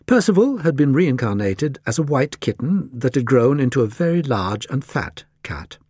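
A man reading a children's story aloud as the narrator, with expressive storytelling. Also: breathy edge, no room sound, studio quality. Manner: expressive storytelling with lively pitch. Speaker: audiobook narrator. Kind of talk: scripted narration.

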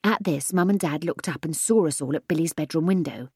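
A woman reading a children's story in the first person, expressive and often hushing to a whisper, close to a studio mic. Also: sits low, brisk, slightly rough, no echo. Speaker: audiobook narrator.

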